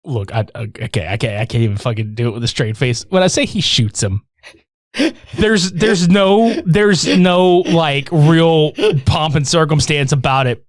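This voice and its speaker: A man tells a movie's story in loose, profane chat, his pitch bouncing high and low as he acts out the characters. His voice sits a little high for a man and sounds close and dry. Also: normal speed, dry recording. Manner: animated, swearing, acts out characters' lines. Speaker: movie recap podcaster.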